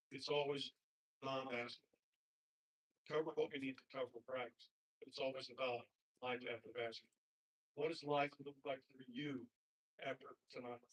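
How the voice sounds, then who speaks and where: Speaking at a graduation, a man who coaches basketball tells a story and keeps coming back to plain, earnest advice. His pitch is medium and his tone fairly bright, though the husky voice is captured from far off the microphone.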